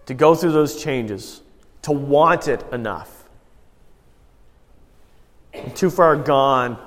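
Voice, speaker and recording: A man preaching a sermon, telling everyday stories in a conversational way and putting rhetorical questions to the congregation. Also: mid-range voice. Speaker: pastor. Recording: long hall reverb.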